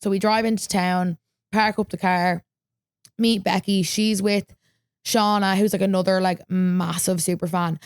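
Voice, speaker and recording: A woman's voice: medium pitch, steady tone, unhurried, clear, resonant tone, no room sound, studio quality. A young woman, hosting a podcast and telling a story in a chatty, filler-heavy way. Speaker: podcast host. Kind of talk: casual chat.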